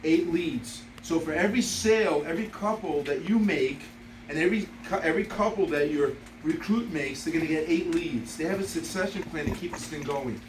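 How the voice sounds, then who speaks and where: An energetic man leads a live seminar, pulling volunteers up and bantering with the room. His voice sits high and carries an emphatic, salesy push. The recording catches him from a distance, with clear noise around him. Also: a little fast. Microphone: distant from the mic.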